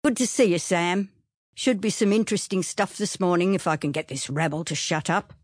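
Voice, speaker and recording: A woman's voice: lowish voice, a little fast, no echo, studio quality, natural voice. A woman doing a blustering male town mayor. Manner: gruff, swearing, barking orders.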